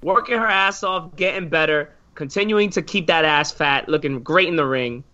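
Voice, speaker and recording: A man with a bright, forceful voice rants on a casual podcast, sarcastic and heavy with swearing. His voice sits a bit high for a man. The recording sounds dull and lo-fi. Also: moderate pace. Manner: loud, swearing, sarcastic ranting. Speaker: podcast co-host.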